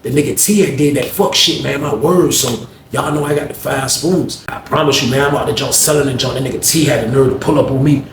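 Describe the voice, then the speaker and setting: A man telling a story in casual, slang-heavy talk, getting loud when he acts out arguments. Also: mid-range voice, brisk, few pauses, echoey room, noisy background. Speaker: storyteller host.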